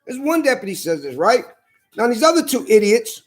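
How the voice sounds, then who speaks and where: A man with a strikingly high voice rants with anger and plenty of profanity. He drives each point home by repeating it and slowing down to stress single words. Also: sing-song. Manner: angry, profane, emphatic repetition; slow hammering emphasis on key words. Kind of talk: heated monologue to camera.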